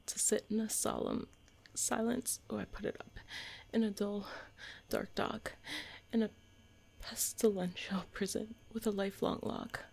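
A young woman reciting tongue twisters, giggly and swearing, coaching herself along in a breathy half-whisper. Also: a little high. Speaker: content creator.

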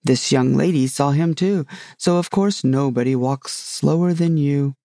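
A man's voice: fairly high pitch, a little slow, mellow, no echo, clean studio sound. A man voicing a fretful, impatient old king in a storybook reading. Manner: fretful, impatient, literal-minded.

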